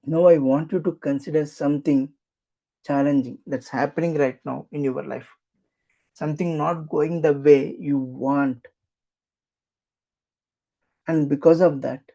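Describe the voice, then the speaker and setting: A guide leads a guided affirmation meditation in a soothing, repetitive way. The voice is very dark and mellow, with a gravelly fry, and it moves at an unhurried, drawn-out pace. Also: medium pitch, rough recording. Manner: slow, soothing, repetitive instruction.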